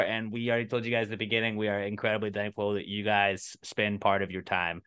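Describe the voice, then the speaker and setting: Young male co-host, casual and profane, lowish pitch, bright and clean. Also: flat delivery, fast talker, hardly any pauses, smooth. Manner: laid-back, profane, heartfelt. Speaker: podcast co-host. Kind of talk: casual podcast chat.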